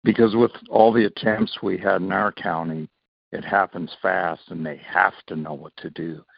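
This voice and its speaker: A man's voice: sits low, normal speed, creaky, breathy edge, no echo, lo-fi sound. A man being interviewed as a child safety author, telling stories and acting out the dialogue. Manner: animated storyteller, acts out quoted dialogue. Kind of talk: interview storytelling.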